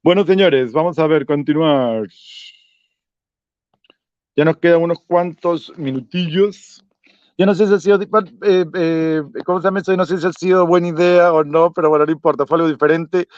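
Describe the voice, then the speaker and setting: A man's voice: on the high side, steady tone, a little fast, a little mellow, smooth, no echo. Guy hosting a live stream, chatty, laughs a lot, dry muffled stream audio. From Peru. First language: Spanish. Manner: chatty, laughs often, mixes English and Spanish. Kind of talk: casual live-stream chat.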